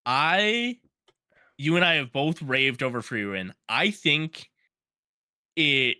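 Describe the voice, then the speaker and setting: Podcast co-host, male, very bright voice, dry close sound, animated storyteller. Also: fairly high pitch, slow pace, clean tone, no room sound. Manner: animated storyteller, acts out his own reactions; laughs often. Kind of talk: casual chat.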